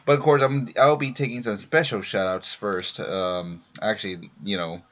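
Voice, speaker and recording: A tired man hosting a live stream, reading out casual shout-outs with lots of fillers and restarts. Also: lowish voice, steady tone, moderate pace. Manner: rambling, many fillers and restarts. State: tired after a long workday. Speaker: live-stream show host. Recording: dull lo-fi home stream audio.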